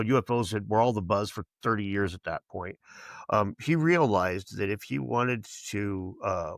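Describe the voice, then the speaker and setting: A man's voice: on the low side, gravelly, a bit bright, no echo. A man speaking as a podcast guest in casual chat, rambling and profane, with many restarts and quoted voices for other people.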